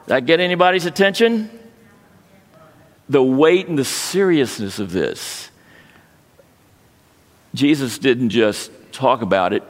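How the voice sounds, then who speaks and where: A man preaching a sermon, telling a personal story in a halting way with frequent restarts. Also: mid-range voice, lively intonation. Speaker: pastor. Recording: long hall reverb.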